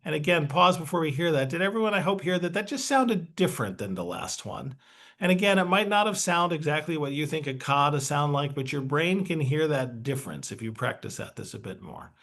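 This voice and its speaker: A man's voice: on the high side, lively intonation, a little fast, fairly bright tone. A man presenting a webinar, explaining a brain training exercise in a chatty, upbeat way.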